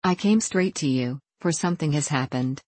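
A breathless grown man bringing grim news in a storybook, his words coming in gasps and halting starts, as a woman reader puts him on. The voice sits low, and the close recording is dry with no room sound. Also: a little mellow, no room sound. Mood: urgent. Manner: gasping, halting.

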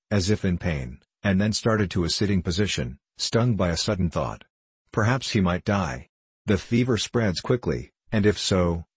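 A man reading a classic novel aloud as a narrator, in a measured, even manner and lightly voicing the characters' dialogue. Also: low voice, breathy edge, no echo. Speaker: audiobook narrator.

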